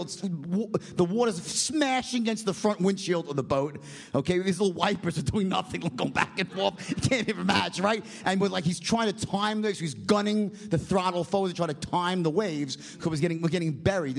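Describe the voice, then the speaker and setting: A middle-aged man telling a comic story on stage, animated and profane, with constant "right?" asides. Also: high voice, creaky.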